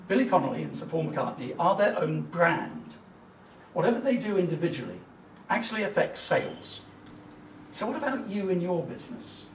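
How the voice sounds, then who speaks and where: Heard from a distance in an echoey room, a high-pitched middle-aged business speaker tells earnest, emphatic stories during a motivational talk. Faint ambience and slight background noise sit behind him.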